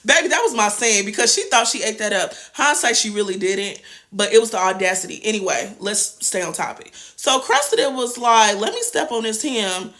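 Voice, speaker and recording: A young woman hosting a TV review show, recapping an episode in slangy, animated casual chat with sassy asides. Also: medium pitch, a little fast. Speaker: TV review host.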